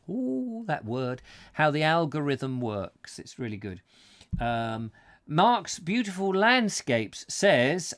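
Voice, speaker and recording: Hosting a comic live chat show, a man with a fairly high voice rambles through jokey stories and breaks into little snatches of song. His chatty delivery comes across with no echo.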